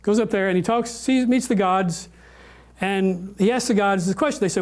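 High-voiced male lecturer, informal. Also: moderate pace, darkish tone. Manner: hesitant, with many fillers and restarts.

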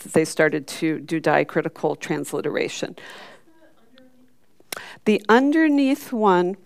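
A woman's voice: medium pitch, smooth, no echo. A woman teaching a chanting class, patiently explaining marks and singing syllables for the group to repeat. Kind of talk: chanting lesson.

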